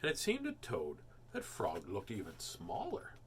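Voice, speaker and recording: A man reading a children's storybook aloud as host, expressive and animated. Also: lowish voice, measured pace, slight background noise. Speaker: children's book reader, host.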